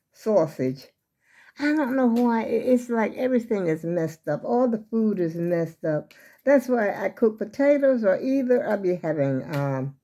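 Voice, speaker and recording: Mellow-voiced older woman chatting. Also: on the low side. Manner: chatty, meandering, talks straight to viewers. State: slightly out of breath. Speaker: vlogger. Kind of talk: casual rambling vlog chat. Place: home kitchen, indoors.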